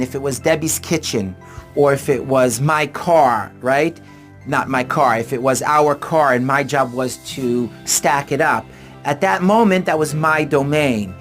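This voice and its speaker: Earnest middle-aged man telling a story. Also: medium pitch. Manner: earnest, reflective, explains by retelling anecdotes. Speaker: author and relationship coach. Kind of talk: personal storytelling and advice talk.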